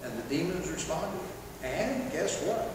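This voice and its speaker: Man, pastor, sermon, animated delivery, echoey hall, background noise. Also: fairly high pitch, measured pace. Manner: animated, acts out quoted lines loudly. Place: church sanctuary. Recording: echoey hall from far off, noisy.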